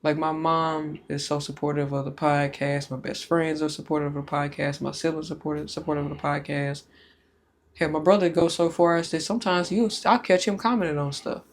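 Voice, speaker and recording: A woman's voice: sits low, fairly even intonation, brisk, slight background noise. A woman hosting a casual podcast chat, talking candidly and with plenty of profanity. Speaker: podcast host.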